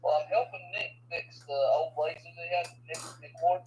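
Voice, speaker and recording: A man's voice: a little high, a little fast, darkish tone, dull audio, slight background noise. A man in his twenties chatting casually and easygoing with a friend, often saying dude and man. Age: 20s. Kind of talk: casual chat.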